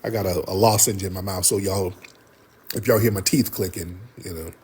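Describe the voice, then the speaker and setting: A man's voice: low voice, steady tone, fairly quick, a little mellow, slightly rough. A man hosting a livestream, giving heated, blunt, profane commentary to his viewers. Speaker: livestream host.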